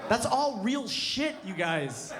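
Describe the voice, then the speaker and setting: A man's voice: very high voice, sing-song, slow pace, very noisy. A man in his thirties doing a casual, profane stand-up set on a club stage, tagging lines with "you know". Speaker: stand-up comedian. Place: comedy club stage before a live audience. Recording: live club recording with crowd laughter.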